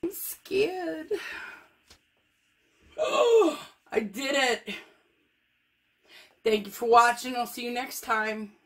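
Showing her fluid art process, a woman painter jokes at her own expense and explains each step while working. She speaks slowly in a steady, fairly bright, slightly high voice, pausing often.

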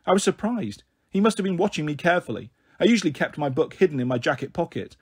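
Man, storybook reading, expressive, lively pitch, slightly husky tone. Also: quick pace, few pauses. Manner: animated, voices the characters' dialogue. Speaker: audiobook reader.

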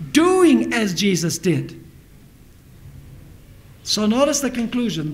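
A man's voice: high voice, poor audio. A middle-aged man preaching a sermon in a church, reading scripture aloud and asking the congregation rhetorical questions. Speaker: pastor.

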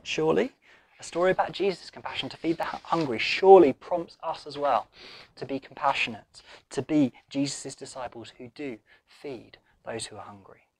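A man's voice: a little high, dry recording. A man with an English accent preaching a sermon in an earnest, questioning way, his voice swelling and then dropping almost to a whisper. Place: church.

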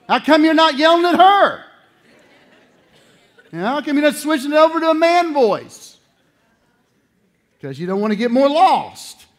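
Man, middle-aged, pastor, sermon, high voice, animated, playful voices. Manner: animated, acts out voices and swings from loud to low.

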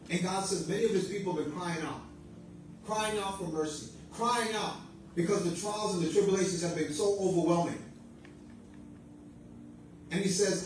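High-voiced preacher in an echoey church. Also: male voice, normal speed, a little hiss or hum. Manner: exhorting with call-and-response amens and repeated phrases. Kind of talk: sermon. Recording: very echoey room, mic at a distance.

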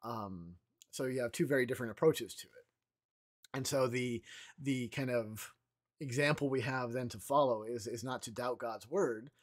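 A man gives a relaxed devotional talk at morning prayer. His voice sits at an ordinary middle pitch. He talks loosely, pausing and restarting as he works through the passage out loud. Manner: loose and conversational, with frequent pauses and restarts. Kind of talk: informal devotional teaching.

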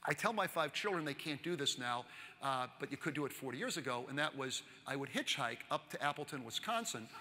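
Lively man telling stories on a conference stage. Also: fairly high pitch, a little hiss or hum. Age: 60s. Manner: lively, chatty, asks the audience questions. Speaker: keynote speaker. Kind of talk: storytelling keynote talk. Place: large conference hall. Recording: long hall reverb.

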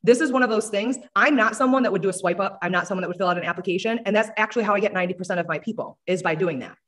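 A team leader gives an upbeat motivational talk over a video call, coaching her listeners. She speaks extremely fast, firing line after line at a medium pitch. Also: a bit bright. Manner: rapid-fire, upbeat, coaching. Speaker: network marketing team leader. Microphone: video call audio.

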